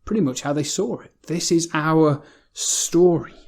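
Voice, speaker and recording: A man's voice: a little high, a little slow, a little mellow. An English man preaching a sermon in a church, talking in a conversational way and often repeating words as he goes.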